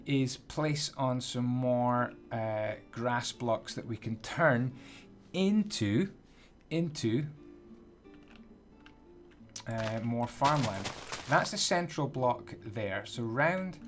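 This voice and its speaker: A man with a medium-pitched voice and lively intonation talks extremely slowly while building in Minecraft, counting blocks aloud. He's a builder and tutorial host giving casual, playful commentary over background music.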